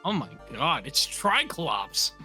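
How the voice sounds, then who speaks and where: Wanita rekan main yang cekikikan. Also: female voice, deep voice, sing-song, takes it slowly, bright, forceful tone, faint music behind. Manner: giggly, playful. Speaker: co-player on stream. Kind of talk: casual chat while playing.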